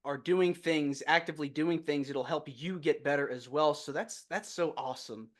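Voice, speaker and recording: A man hosting a casual interview, with a somewhat high voice. He keeps the talk going with encouraging remarks and open questions, and he often affirms what his guest says. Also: normal speed, fairly bright tone. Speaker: podcast host.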